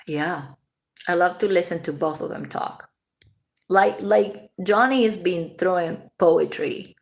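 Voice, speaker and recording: Lowish gravelly-voiced woman vlogging, rambly, laughs a lot. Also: a little slow. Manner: chatty, laughs often, rambles with restarts. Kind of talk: casual commentary to camera.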